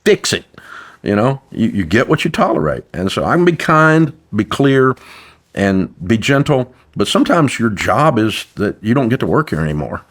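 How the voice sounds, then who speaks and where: A man's voice: medium pitch, very animated, normal speed. An older man, a business owner guesting on a podcast, talking bluntly and emphatically and repeating his points like a sermon. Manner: blunt, emphatic, preachy and repetitive. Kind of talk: podcast interview.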